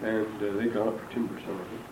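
Delivering a classroom lecture on scripture, the older male religion lecturer rambles into anecdotes with a dry sense of humor. His fairly low voice stays level in tone while he talks fast, captured in a roomy, far-off recording with background noise.

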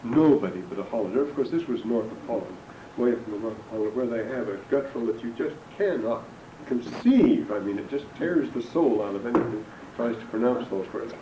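A man's voice: mid-range voice, expressive, brisk, hardly any pauses, dark tone. An older man giving a classroom lecture on scripture, digressive and anecdotal with dry humor. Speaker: religion lecturer. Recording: roomy distant lecture recording with background noise.

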